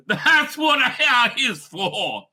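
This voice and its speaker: Guy ranting on his own channel, high voice, swings up and down a lot, keeps laughing. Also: bright, forceful tone. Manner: loose and rambling, laughs often, profane. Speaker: online show host. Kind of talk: casual ranting commentary.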